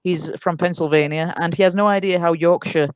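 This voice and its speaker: A woman's voice: on the low side, fairly even intonation, brisk, clear, resonant tone, no echo, muffled recording. A woman hosting a casual live stream, bantering and teasing her guests with lots of giggles. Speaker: stream host.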